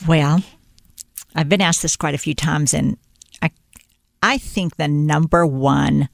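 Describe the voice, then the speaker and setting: A woman's voice: low-pitched, slow pace, vocal fry, dry recording, studio quality. An older woman, a guest in a casual interview, telling stories and acting out quoted lines. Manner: storytelling, animated when quoting.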